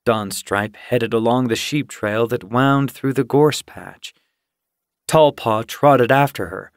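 Male narrator for an audiobook, measured and unhurried, dry booth sound. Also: medium pitch, no echo. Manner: measured storytelling. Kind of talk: scripted narration.

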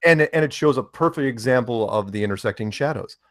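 A middle-aged man with a mid-pitched voice joins a casual online chat as a guest. The sound is close and dry, and he talks in a wry, teasing way, tossing in deadpan jokes. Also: fast, no room sound. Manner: joking, dry teasing quips.

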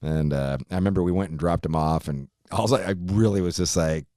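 Low-voiced man telling a rambling story. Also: brisk, dark tone, dry recording, studio quality. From Virginia, USA. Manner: profane, rambling, laughs often while telling. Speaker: podcast guest. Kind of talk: casual storytelling.

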